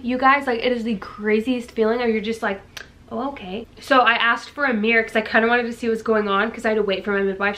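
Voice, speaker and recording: Chatty young woman vlogger, slangy. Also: a bit bright. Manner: jumps high when quoting herself. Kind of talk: casual storytelling to camera.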